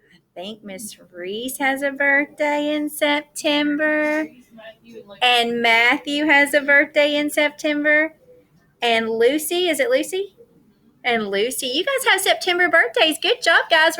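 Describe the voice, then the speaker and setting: Bright, high-voiced kindergarten teacher. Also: female voice. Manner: cheerful, sing-song, coaxing young children. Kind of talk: online class morning meeting. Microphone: video call.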